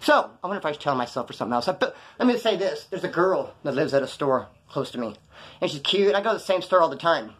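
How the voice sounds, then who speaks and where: A man's voice: on the high side, sing-song, fast, fairly bright tone. A man telling a story from his past in a casual, profane, slang-filled way, acting out the voices of the people in it. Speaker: storyteller talking to camera.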